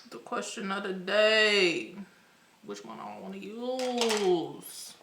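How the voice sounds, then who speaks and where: Slow-talking bright young woman vlogger. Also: mid-range voice, a little hiss or hum. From United States. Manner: chatty, slangy, with excited exclamations. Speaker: beauty vlogger. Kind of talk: casual makeup tutorial. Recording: echoey room.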